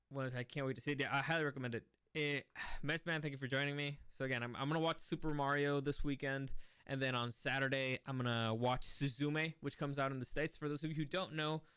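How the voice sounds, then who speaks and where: A man's voice: medium pitch, a bit bright, clean tone. A man hosting a casual spoken film review, rambling and easily sidetracked, with many restarts. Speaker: movie reviewer and channel host.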